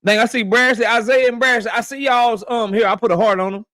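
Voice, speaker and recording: A man hosting a boxing live stream from his office, talking loose and profane and shouting out viewers by name. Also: extremely high pitch, steady tone, fast, no room sound, clean studio sound. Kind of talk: casual live-stream chat. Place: home office.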